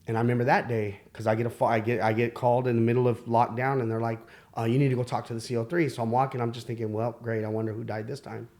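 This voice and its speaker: A man speaks candidly as a podcast guest, telling his own story with frequent fillers and restarts. His voice sits at an average pitch for a man. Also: flat delivery, racing, a little mellow. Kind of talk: personal storytelling.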